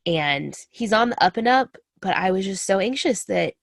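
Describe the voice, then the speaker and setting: A woman's voice: medium pitch, expressive, moderate pace, vocal fry, no room sound, clean studio sound. A woman in her thirties, a military spouse, talking earnestly and confidingly about her own experience to listeners she calls friends. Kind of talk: personal talk to camera.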